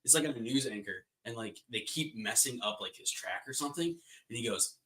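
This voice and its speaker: A man co-hosting a live podcast, telling animated stories and mimicking other people's voices. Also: medium pitch, brisk, few pauses. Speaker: podcast co-host. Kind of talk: casual chat.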